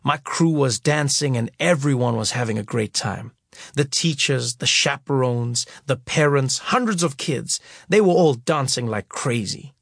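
A man's voice: mid-range voice, unhurried, vocal fry, breathy edge, no room sound, studio quality. A man from Africa, narrating his memoir as an audiobook, acting out the scenes as he goes. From South Africa. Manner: lively storytelling that acts out scenes.

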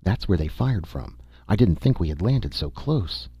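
A man voicing a brisk, calm woman explorer. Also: low voice, husky, no room sound, heavily acted. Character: calm capable woman explorer in a pressure suit. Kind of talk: audiobook dialogue. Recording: dull dry recording.

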